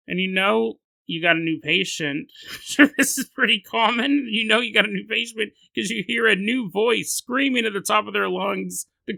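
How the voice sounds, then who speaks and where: A male podcast host telling a story in an animated, joking way, laughing often and acting out voices. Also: high-pitched, vocal fry, dry recording. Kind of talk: comedic storytelling.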